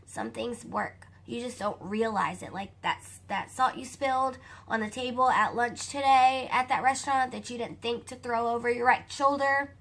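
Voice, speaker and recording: A young woman with a Southern US lilt tells a story to her viewers in a lively, chatty way. Her voice sits fairly high and sounds bright and forward. A gravelly fry runs through her speech. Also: normal speed, few pauses. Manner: animated, chatty, addresses viewers as you guys. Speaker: vlogger telling a personal story. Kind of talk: casual storytelling to camera.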